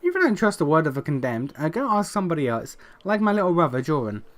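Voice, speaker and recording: A man reading the lines of a weary, guilt-ridden old dwarf knight aloud, with frequent uh fillers and a slightly high voice. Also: very animated, fast talker. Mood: bitter.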